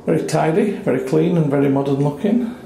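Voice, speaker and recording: A man tours a compact hotel room and reviews it in a casual, wry way. His voice sits slightly high, with a warm, gravelly texture. The recording is roomy and echoey, with faint background hiss. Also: brisk. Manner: chatty and wry, with dry asides. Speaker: travel reviewer. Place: small hotel room, indoors.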